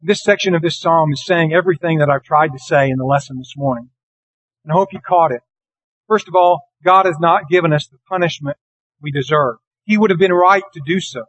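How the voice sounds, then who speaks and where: A man delivers a sermon in a fairly high voice, reading scripture slowly and earnestly. The sound is dry and close, with little room around it. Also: fairly bright tone, no room sound, low-quality recording. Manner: earnest, deliberate, slows for scripture. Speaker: preacher.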